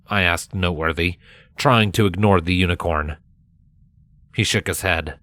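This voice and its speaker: A man's voice: deep voice, steady tone, normal speed, fairly bright tone, no room sound. A man steadily narrating a first-person fan story as the reader. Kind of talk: audiobook fanfiction reading.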